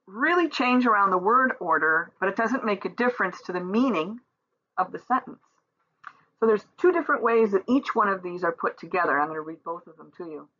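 A woman teaching a German lesson, explaining in English and reading the German example sentences slowly and clearly. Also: mid-range voice, pushed and bright, muffled recording. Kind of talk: recorded language lesson.

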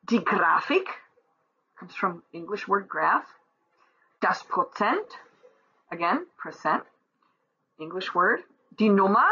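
A woman teaches from a textbook, reading German example sentences slowly and clearly before explaining them. Her voice is bright with a husky edge. The recording sounds dull and lo-fi. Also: mid-range voice.

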